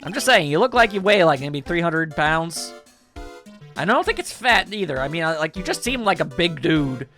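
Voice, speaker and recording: A man's voice: a little high, big pitch swings, moderate pace, bright, forceful tone, soft background music. A man doing casual game playthrough commentary with rambling, joking asides. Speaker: game streamer voicing a playthrough.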